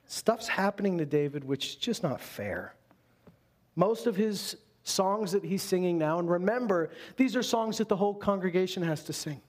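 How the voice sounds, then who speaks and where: A male pastor delivering a conversational sermon to a congregation, animated and full of quick asides. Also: high-pitched.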